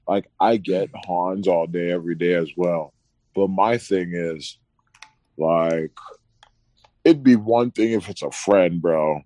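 Male co-host, deep dark tone, slangy storyteller. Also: takes it slowly, dry recording. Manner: loose slangy, keeps saying bro. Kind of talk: casual chat, storytelling.

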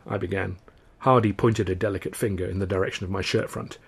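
Husky low-voiced male storyteller. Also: steady tone, fast talker. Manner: dry, wry storytelling. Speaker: author reading his novel. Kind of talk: scripted first-person narration.

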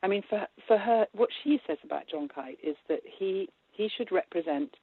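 A woman film director in a casual interview, chatty and quick to laugh, with many hesitations as she talks about her film. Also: medium pitch, animated, dry recording. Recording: husky voice over a tinny phone-like line.

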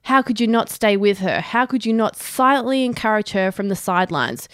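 A woman reads a prepared review on a podcast, sounding dry and sardonic and swearing freely. Her voice is smooth and clear. The recording is close and dead, with no room sound. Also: mid-range voice, lively intonation, fairly quick, no echo. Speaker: podcast co-host. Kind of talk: prepared review read aloud.

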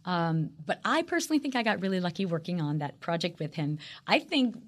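A middle-aged actress chatting as an interview guest, bubbly and rambling, with lots of fillers and restarts. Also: female voice, on the low side, lively intonation, a little fast. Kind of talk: casual interview chat.

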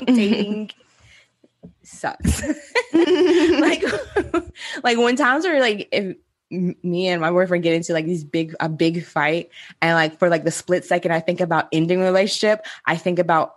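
A woman's voice: fairly low pitch, fairly even intonation, unhurried. A woman in her thirties co-hosting a casual chat, rambling with lots of "like" and frequent laughs. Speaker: podcast co-host.

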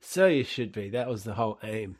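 A man's voice: lowish voice, lively intonation, a little fast, no room sound. A man co-hosting a podcast in casual chat, with a dry, teasing, sarcastic manner. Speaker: podcast co-host.

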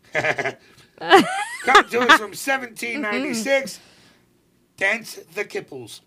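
A man's voice: very high-pitched, wildly swooping pitch, slow pace, creaky, noisy background. A man hosting a casual studio chat, reading old slang terms aloud with playful mock-formal delivery and frequent laughter. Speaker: show host reading a list.

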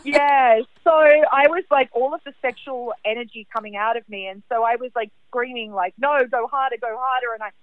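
A woman caller telling a personal story in an animated, chatty way, heavy on fillers. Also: a little high, normal speed, few pauses, no room sound. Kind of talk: casual storytelling. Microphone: phone. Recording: tinny phone line.

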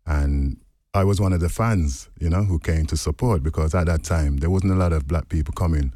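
A man's voice: very deep voice, fairly quick, dark tone, dry recording, studio quality. A man, a musician guest on a radio show, telling a laid-back story in casual chat.

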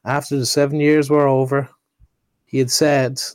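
A man's voice: medium pitch, normal speed, no echo. A man reading a classic children's story aloud in an easygoing way, now and then stumbling and correcting himself. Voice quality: relaxed, with occasional slips and self-corrections.

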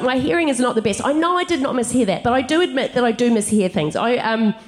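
A woman comedian and co-host telling animated stand-up stories on a live theatre stage, laughing her way through each anecdote. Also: a little high.

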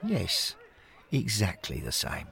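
A man doing a gentle kindly old ghost. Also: fairly low pitch, wildly swooping pitch, creaky, voice pushed up, heavily acted. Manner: gentle, measured. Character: kindly older male ghost, gentle companion.

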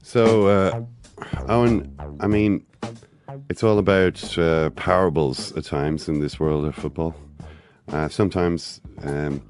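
A man from Ireland giving football opinions on a podcast, halting with many "uh"s and a dry wit. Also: low voice, fairly even intonation, a little mellow, smooth, faint music behind. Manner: hesitant, full of "uh" and "um", dry wit. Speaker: football pundit. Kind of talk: casual football chat.

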